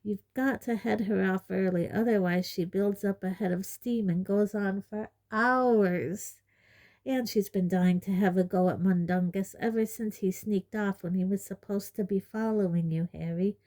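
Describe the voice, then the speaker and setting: A woman's voice: medium pitch, fairly even intonation, normal speed, mellow, close to an everyday voice. A woman voicing a cheeky, sarcastic teenage boy in a storybook reading, close to her own voice. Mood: wry. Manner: wry, teasing asides. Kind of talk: audiobook reading.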